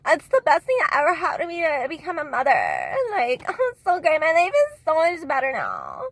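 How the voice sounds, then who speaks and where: A sugary, self-assured young mother, as a woman mocks her, gushing in a breathy sing-song that sits well above a woman's everyday pitch. The bright, overdone sweetness sounds put on. It is spoken as a quick aside inside a casual vlog. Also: wildly swooping pitch, no room sound, exaggerated voice.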